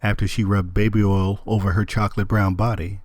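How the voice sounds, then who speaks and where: A man narrating an audiobook in a measured, steady storytelling manner. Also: lowish voice, dry recording. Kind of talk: scripted narration.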